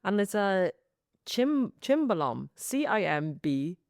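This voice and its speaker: A young Irish woman hosting a podcast, talking in a chatty, animated way with lots of quick asides. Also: medium pitch, no room sound, clean studio sound. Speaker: podcast host. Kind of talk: casual chat.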